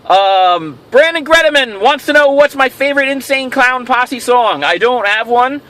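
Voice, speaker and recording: A man's voice: extremely high pitch, animated, moderate pace, bright, forceful tone. A man hosting a casual question-and-answer vlog, rambling and telling jokes with self-amused delight. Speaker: host of a toy show.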